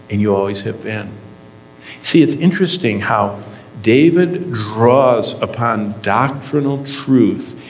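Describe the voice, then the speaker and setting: A man teaching a Bible lesson in sermon style, earnest and emphatic, with dramatic pauses. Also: medium pitch. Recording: echoey room with long reverb.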